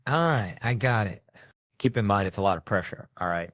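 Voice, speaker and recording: A man's voice: lowish voice, animated, a little fast, a bit bright, dry recording. A man doing stand-up storytelling, brash and profane, jumping into other people's voices as he acts out his stories. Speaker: stand-up comedian.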